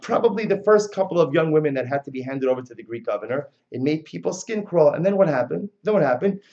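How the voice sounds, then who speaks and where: A male religious teacher giving a passionate lecture on religious texts, telling the story dramatically and moving between loud and soft. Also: fairly high pitch, expressive, fast talker, muffled recording.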